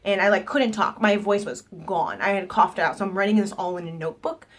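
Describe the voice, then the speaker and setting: A woman's voice: medium pitch, brisk. A young woman with a nasal voice, telling a casual storytime and acting out the people in it. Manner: animated retelling with quoted voices. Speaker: vlogger.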